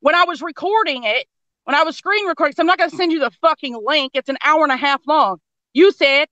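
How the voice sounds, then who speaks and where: A woman's voice: high voice, quick pace, sharp tone, no room sound, muffled recording. A woman in casual chat, ranting angrily and swearing constantly. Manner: angry, profane ranting.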